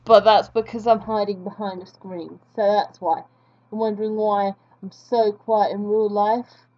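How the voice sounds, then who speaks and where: Slow-talking young woman rambling. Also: mid-range voice, little pitch movement, dull audio. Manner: rambling, self-mocking chatter. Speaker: art vlogger. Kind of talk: casual chat while drawing.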